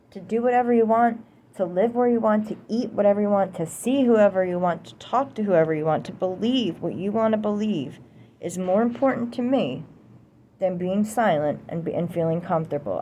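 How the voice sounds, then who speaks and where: A young vlogger from the United States delivers an animated, profane political rant to camera at a normal speed, repeating lines to drive them home. Her voice is medium-pitched and mellow, with a little hiss or hum in the background.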